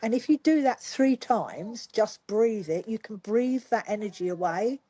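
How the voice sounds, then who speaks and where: Calm Reiki teacher, female; mellow, husky, dry close sound. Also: a little high, unhurried, no echo. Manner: calm, explanatory, guiding. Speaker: Reiki master teacher guest. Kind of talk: podcast conversation.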